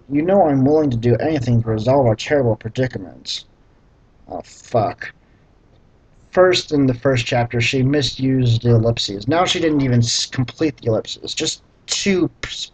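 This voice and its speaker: Male reader with a husky, mid-pitched voice, drily mocking the text as he reads. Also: poor audio. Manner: deadpan, sarcastic, profane asides. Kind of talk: sarcastic dramatic reading with commentary.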